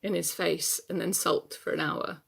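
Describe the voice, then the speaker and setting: A woman's voice: lowish voice, fairly even intonation, normal speed, gravelly, fairly bright tone, husky, exaggerated voice. A woman performing a stage monologue as an adult daughter anxious about her aging parents, telling her story in a wry, confessional way. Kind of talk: theatre monologue.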